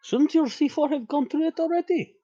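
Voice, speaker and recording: A man's voice: very high-pitched, dark tone, muffled recording. A man playing a tabletop game, joking and swearing in casual banter. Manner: joking, profane, quick restarts. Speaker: player.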